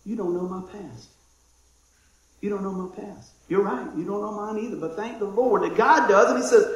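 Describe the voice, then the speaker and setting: A man preaching a conversational sermon, excitable and chatty, dropping to a hush and then shouting with excitement. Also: sits high, moderate pace. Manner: excitable, conversational, swings from loud to hushed. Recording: very echoey room.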